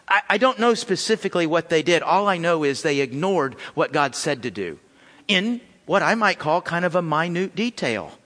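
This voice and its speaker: A man preaching a sermon as pastor, animated and acting out voices. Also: on the high side, moderate pace. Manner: animated, acts out voices of biblical figures. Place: large church hall. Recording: church hall with long reverb.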